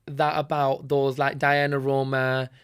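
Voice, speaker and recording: A man's voice: medium pitch, completely flat delivery, fairly bright tone, clear, resonant tone. A young man hosting a casual podcast chat, opinionated and emphatic, often jumping in over his co-host. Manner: opinionated, emphatic, quick to jump in.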